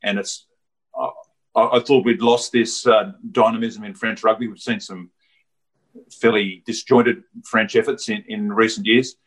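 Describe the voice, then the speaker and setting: A man giving measured rugby analysis on a sports talk panel, pausing often with fillers. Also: fairly low pitch, fairly even intonation, low-quality recording. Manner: measured, hesitant with many ums. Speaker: rugby pundit. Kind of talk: studio sports discussion.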